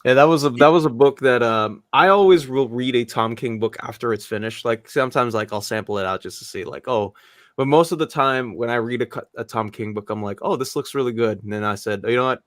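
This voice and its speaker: A man's voice: mid-range voice, brisk, no room sound, studio quality. A man as a guest in a casual chat, talking eagerly and rambling with fillers.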